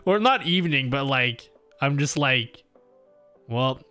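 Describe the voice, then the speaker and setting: A young Australian man hosts a casual livestream, rambling and interrupting himself with lots of fillers and restarts over faint music. His mid-range voice is expressive, slow, pushed and bright, with a clear, resonant tone.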